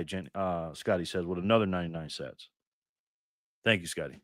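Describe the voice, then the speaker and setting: A man's voice: deep voice, normal speed, no room sound, clean studio sound. Blunt, profane man hosting a live stream. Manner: blunt, profane, ranting commentary; thanks viewers for donations by name. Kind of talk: casual reaction live stream.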